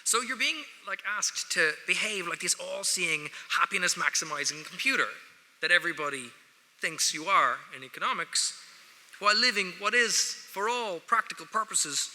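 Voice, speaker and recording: Irish man, ceremony speech, wry humor, slightly high voice, echoey hall. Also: sharp tone. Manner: wry, joking, addresses the audience directly. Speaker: guest speaker at a student award ceremony.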